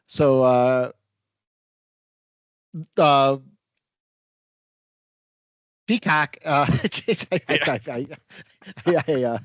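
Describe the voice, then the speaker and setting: A man co-hosting a podcast in casual sports chat, halting and wry, often repeating words. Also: mid-range voice, dry recording. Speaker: podcast co-host.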